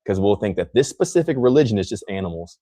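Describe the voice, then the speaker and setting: A man's voice: lowish voice, very animated, fast talker, mellow, dry recording. A man from the United States hosting a casual podcast chat, rambling with many restarts and acting out other people's lines. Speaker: podcast host.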